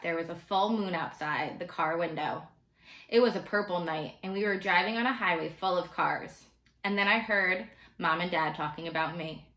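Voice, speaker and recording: A woman teacher reading a novel aloud to children in a steady, expressive way. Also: fairly low pitch, roomy sound.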